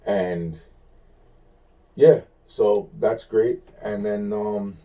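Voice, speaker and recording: A man's voice: on the low side, extremely slow, warm tone, slight background noise. A man telling a long personal story in a rambling monologue, full of swearing and restarted sentences. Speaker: vlogger recounting personal events.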